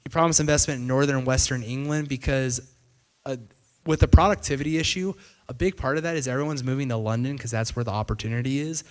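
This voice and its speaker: A man's voice: medium pitch, steady tone, quick pace. A man presenting a casual explanatory video commentary, talking conversationally with fillers and loose restarts. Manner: conversational, retells events with "he's like" and paraphrased quotes.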